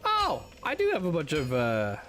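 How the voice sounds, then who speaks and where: A man's voice: fairly high pitch, wildly swooping pitch, normal speed, sharp tone, soft background music. A man streaming a video game, thinking aloud and swearing casually as he plays. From North America. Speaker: gaming streamer. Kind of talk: casual gameplay commentary.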